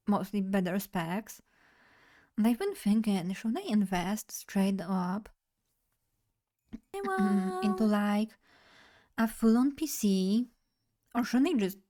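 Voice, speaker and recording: A young woman chatting casually on a live stream, playful and loose as she talks straight to her chat. Her voice sits at a middling pitch for a woman, neither high nor low. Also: warm tone.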